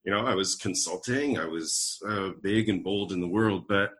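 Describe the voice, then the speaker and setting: Low-voiced man telling a story. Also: normal speed. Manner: animated storyteller who acts out quoted dialogue. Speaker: podcast guest, leadership coach. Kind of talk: conversational storytelling.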